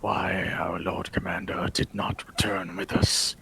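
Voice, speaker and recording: A man voicing a grim, vengeful undead knight commander who speaks in a low, gravelly whisper, slow and menacing. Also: flat delivery, bright, forceful tone, heavily acted, low-quality recording. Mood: brooding.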